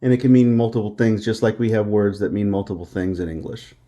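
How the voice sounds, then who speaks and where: A man's voice: fairly low pitch, fast, warm tone. A man teaching a Spanish lesson, patiently repeating words for the listener to drill. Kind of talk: language lesson.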